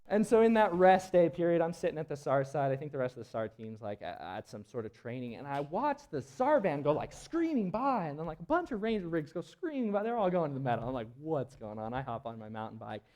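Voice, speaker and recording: A man's voice: a little high, very animated, fairly quick, hardly any pauses, darkish tone. A man who is a search and rescue team member, telling a story during a live presentation in an auditorium in a casual, rambling way full of fillers and restarts. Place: auditorium at a public event.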